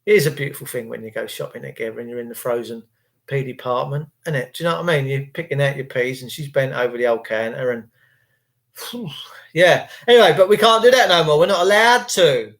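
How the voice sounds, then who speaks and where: A middle-aged Englishman delivers a crude, rambling monologue. He swears freely and mocks people. He often jumps up into high, mimicking voices. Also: a little fast, gravelly, a bit bright. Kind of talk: casual ranting monologue.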